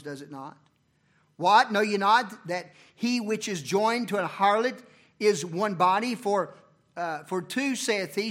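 Preacher guy, high voice, goes loud then drops way quiet, church sermon. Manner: preaching with sharp swings from loud emphasis to near-murmurs.

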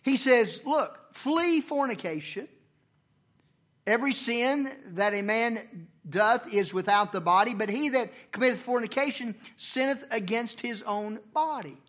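A man preaching a sermon in a church, swinging from loud emphasis down to near-murmurs. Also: very high voice, a little slow.

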